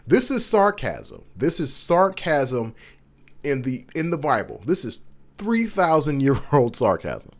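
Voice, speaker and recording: Man hosting a Bible study, reads aloud then explains it, eager and chatty, lively voice. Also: medium pitch, unhurried. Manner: enthusiastic, conversational, stops to explain. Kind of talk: reading scripture with casual commentary.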